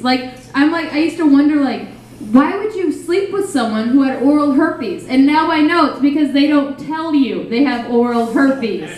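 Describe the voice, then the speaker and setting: A woman's voice: sits high, distant mic, slight background noise. A young woman doing a stand-up set in a small cafe, rambling and self-deprecating, full of fillers. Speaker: stand-up comedian. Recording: very echoey room, faint ambience.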